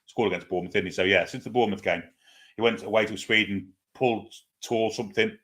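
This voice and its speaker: A man's voice: on the low side, fairly even intonation, fast, fairly bright tone. A man hosting a live football watchalong, chatting casually, hesitating with lots of fillers and reading viewer comments aloud before answering them. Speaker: host of a football fan watchalong stream. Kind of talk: casual live-stream chat and pre-match commentary.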